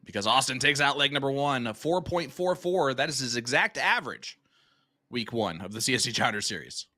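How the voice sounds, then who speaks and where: A man calling a live darts stream as host, talking straight to the chat and rattling off sponsor scripts at speed. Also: mid-range voice. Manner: energetic, talks to the chat, plugs sponsors in rapid reads.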